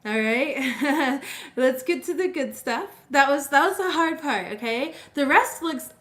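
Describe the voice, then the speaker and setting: A woman's voice: high voice, lively intonation, a little slow, a bit bright. A young woman giving a casual live-streamed tarot reading, chatty and full of fillers, often checking in with her viewers. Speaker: tarot reader.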